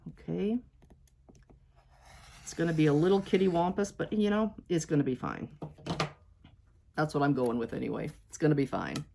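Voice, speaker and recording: A woman with a low-pitched voice talks her viewers through a quilting project as she works. She chats casually and frets over each step. Then she reassures herself that it will turn out fine. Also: animated, normal speed, creaky, pauses often, mellow, a little hiss or hum. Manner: chatty, self-doubting, talks to viewers as "you guys". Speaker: quilting vlogger. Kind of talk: casual talk-along while sewing.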